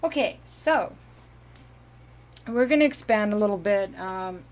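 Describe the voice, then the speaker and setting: A woman giving a casual, meandering tarot reading at home, giggling now and then and clearing her throat from allergies. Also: medium pitch, expressive, unhurried. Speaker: tarot reader.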